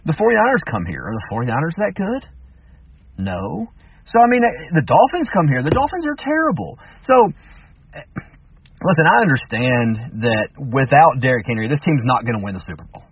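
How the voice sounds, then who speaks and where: A man arguing his case as a sports talk host, firing off rhetorical questions in a heated, animated way. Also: medium pitch, slightly rough, distant mic, lo-fi sound. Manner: animated, argumentative, rapid-fire rhetorical questions. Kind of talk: sports radio commentary.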